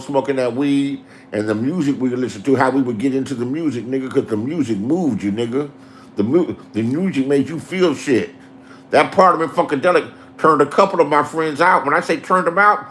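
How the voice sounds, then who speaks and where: A middle-aged man, telling profane street stories in a loose, animated way. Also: mid-range voice, a little hiss or hum. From Inglewood, Los Angeles. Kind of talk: casual storytelling.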